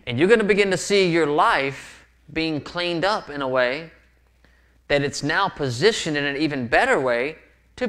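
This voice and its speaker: A man's voice: on the high side, a bit bright. Earnest male pastor preaching. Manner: earnest, repeats words when emphatic. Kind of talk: sermon. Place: church sanctuary.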